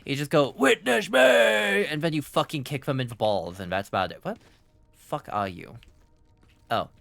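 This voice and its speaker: Excitable streamer with a faded German accent. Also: male voice, medium pitch, dry recording. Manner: excitable, profane, quick to laugh. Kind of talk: live gameplay commentary.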